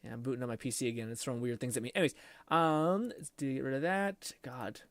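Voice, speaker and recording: A man's voice: mid-range voice, fast talker, dry recording. A man live streaming from his home computer, chatting casually with viewers and rambling and swearing while he troubleshoots his PC.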